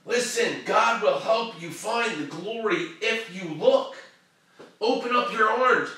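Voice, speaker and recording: A man hosting a show and giving a fervent, preachy motivational pep talk that swings from shouting to hushed tones. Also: high-pitched, animated, slow pace, very echoey, recorded from a distance. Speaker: motivational live-stream host.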